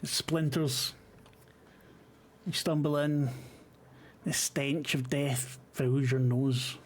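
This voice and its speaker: A man's voice: medium pitch, steady tone, slow, a little hiss or hum. A man running a tabletop game as game master, narrating scenes and then chatting casually with his players. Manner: casual, with fillers and swearing.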